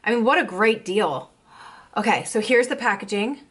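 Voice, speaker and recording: A young woman vlogger chatting casually as she unboxes makeup, gushing and excitable. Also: medium pitch, normal speed, slightly rough. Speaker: beauty vlogger.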